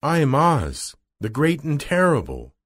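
A man's voice: a little high, wildly swooping pitch, measured pace, fairly bright tone, breathy edge, pitched above the performer's own voice, full character voice. A man reading aloud and voicing a frightened little old male wizard who speaks in a small, pleading voice.

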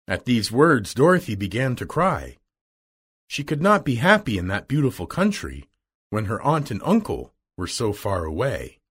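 A man's voice: mid-range voice, sing-song, normal speed, husky. A man narrating a children's storybook chapter aloud, reading expressively.

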